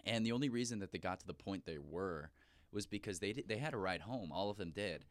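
A young man co-hosting a podcast, telling an animated story full of swearing. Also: low voice, quick pace, no echo, studio quality. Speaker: podcast co-host. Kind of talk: casual chat.

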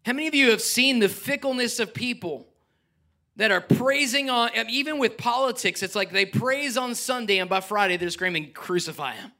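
Middle-aged pastor guy preaching, high bright voice, gets loud then goes soft. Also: normal speed. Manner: animated preaching, rising to shouts and dropping to soft asides. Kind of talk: sermon.

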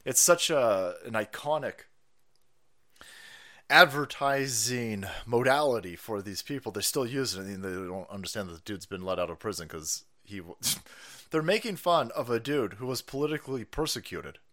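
A man ranting on his own livestream, profane and loose and quick to laugh. His pitch swings widely as he gets worked up, with a middle-range voice beneath it. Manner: profane, laughs often, animated. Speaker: livestream host. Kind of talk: ranting political livestream commentary.

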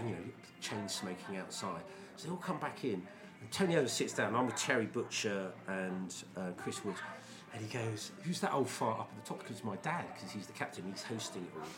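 A man in his fifties, co-hosting a podcast from a pub, telling casual anecdotes as a lively storyteller who swears freely. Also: lowish voice, moderate pace, over music. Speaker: podcast co-host.

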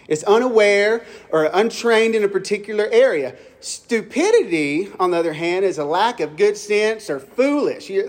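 Folksy Southern preacher, high voice. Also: male voice, husky. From Mississippi. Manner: folksy, asks the congregation questions. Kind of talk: folksy storytelling sermon.

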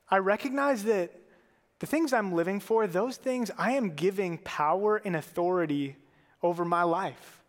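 A man's voice: high voice, in a large hall. A man giving a sermon as a pastor, earnest and conversational, with casual fillers.

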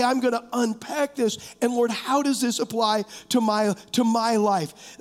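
A man preaching a sermon as pastor, animated, calling on members of the congregation and shouting out to show his point. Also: very high voice. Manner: shouts to demonstrate, rising to loud bursts. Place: church sanctuary. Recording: long hall reverb.

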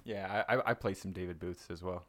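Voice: low-pitched, fairly even intonation, brisk, fairly bright tone. A podcast host asking a guest about her story, reacting with sympathy and frequent laughter. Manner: sympathetic, chuckling listener. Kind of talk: casual interview.

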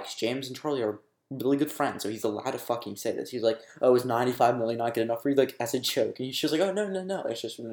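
A man's voice: mid-range voice, darkish tone, reverberant. A young man delivering a casual commentary rant, exasperated and sarcastic, swearing freely. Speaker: commentary YouTuber.

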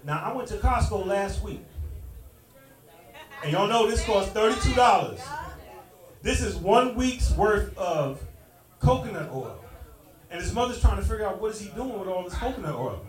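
A middle-aged man performing a stand-up comedy set, punchy and loud, teasing the audience. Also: sits high, animated, moderate pace, long pauses. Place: stage in a club with a live audience. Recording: echoey club, distant mic, crowd noise. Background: audience laughing and clapping.

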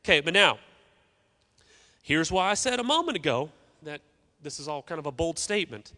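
A man's voice: on the high side, sing-song, moderate pace, sharp tone. A man preaching a sermon as pastor, emphatic, with call-and-response asides to the congregation. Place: church sanctuary.

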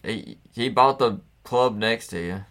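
A man teasing his friend with deadpan absurd jokes in crude comedic banter over a phone call. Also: fairly low pitch, unhurried.

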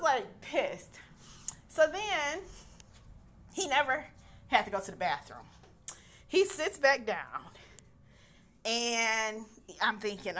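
A woman's voice: a little high, sing-song, takes it slowly, pauses often, bright, forceful tone. A young adult woman casually telling a personal story, exasperated, swearing freely and laughing as she goes.

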